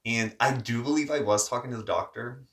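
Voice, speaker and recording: A man's voice: medium pitch, fairly quick, fairly bright tone. A young adult man telling a story in a casual, chatty vlog style, full of filler words. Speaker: vlogger.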